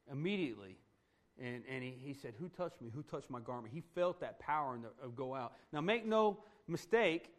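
A pastor delivers a sermon in a fairly high voice for a man. He talks to the congregation like a conversation, tossing in "right?" often. He swings from loud, emphatic declarations down to hushed, almost murmured lines. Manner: conversational preaching with frequent "right?" asides; swings between loud emphatic points and hushed, soft passages.

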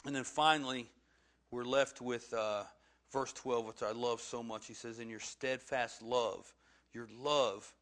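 A man's voice: mid-range voice, steady tone, measured pace, fairly bright tone. A man, preaching a sermon and telling a funny personal story with self-deprecating humor. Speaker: pastor.

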